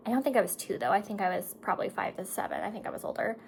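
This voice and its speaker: Gravelly-voiced woman chatting while doing makeup. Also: medium pitch, big pitch swings, very fast, slight background noise, poor audio. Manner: chatty, emotional, tearful at times. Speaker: beauty vlogger and mother.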